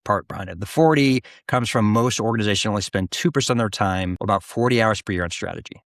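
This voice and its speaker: Chatty middle-aged man with a low voice. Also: quick pace, dry recording, studio quality. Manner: animated, restarts often, acts out quoted voices. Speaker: guest, business founder. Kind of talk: casual interview storytelling.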